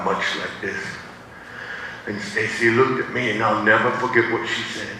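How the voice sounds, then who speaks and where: In an echoey church sanctuary, captured by a far-off microphone with faint noise, a pastor relates a first-person tale at a moderate pace. His voice is lowish, and he animatedly plays out the different voices as the story unfolds.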